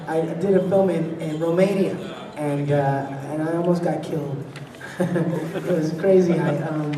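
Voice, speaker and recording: A man on a convention panel telling stories with lively delivery, laughing often and acting out the people in his tales. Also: a little high, normal speed, a crowd in the background. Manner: animated, laughs between anecdotes, acts out voices. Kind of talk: storytelling on a fan panel. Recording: echoey hall, voice from far off.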